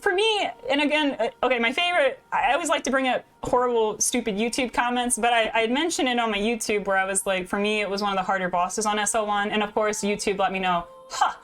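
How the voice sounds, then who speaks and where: A young woman from the American Midwest with a slightly Canadian-leaning Midwestern accent, chatting casually with her live viewers as a game streamer into a desk mic, self-deprecating and quick to laugh. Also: on the high side, fairly bright tone. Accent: Midwestern American with a slight Canadian lean. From Midwest United States. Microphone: desk microphone.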